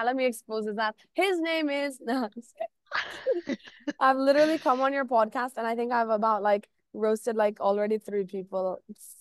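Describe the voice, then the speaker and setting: A young woman talks as a podcast guest in a fairly high voice, telling stories in a loose, animated way and acting out what others said. The sound is close and dry, with no room around her. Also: smooth, dry recording. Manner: animated storytelling, acts out quotes, frequent "like". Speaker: artist guest. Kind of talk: casual podcast chat.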